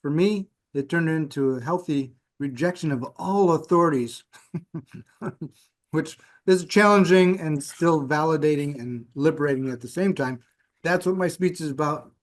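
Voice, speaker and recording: Guy previewing his club speech, wry and jokey, kinda high voice. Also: a little slow. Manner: wry, joking. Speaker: club speaker.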